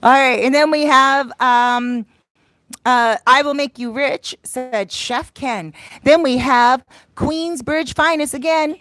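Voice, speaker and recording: American woman, casual live stream host, playful and laughing, high voice, slow unhurried delivery. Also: fairly bright tone, dry recording. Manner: playful, laughing, reads comments aloud.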